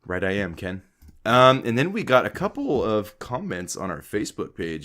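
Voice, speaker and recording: A man's voice: lowish voice, very animated, normal speed, fairly bright tone. A man co-hosting a casual podcast, joking around and tripping over names. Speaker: podcast co-host.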